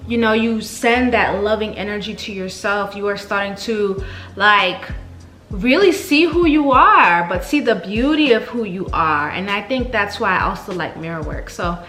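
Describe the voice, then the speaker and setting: A woman hosting a podcast, reading soft repeated affirmations and then chatting casually and excitably. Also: mid-range voice, normal speed, echoey room, soft background music. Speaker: podcast host. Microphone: desk mic with camera.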